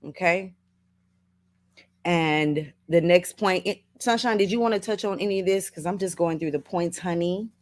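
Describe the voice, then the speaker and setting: A woman's voice: on the low side, moderate pace, a little mellow. A middle-aged woman hosting a casual motivational livestream, reading viewers' comments aloud, laughing often and calling listeners baby and honey. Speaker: livestream host.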